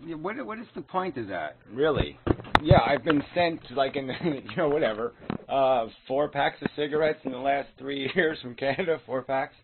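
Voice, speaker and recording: Over a noisy background, a video commentator with a medium-pitched voice and lively intonation speaks at a moderate pace. He's recording an angry, profane, sarcastic response video tearing apart another man's claims, and the sound is tinny, like a phone.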